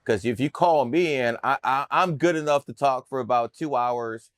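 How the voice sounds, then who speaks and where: A man's voice: mid-range voice, moderate pace, fairly bright tone, no echo, studio quality. A man telling stories in a casual interview, brash, boastful and profane. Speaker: podcast guest telling his story.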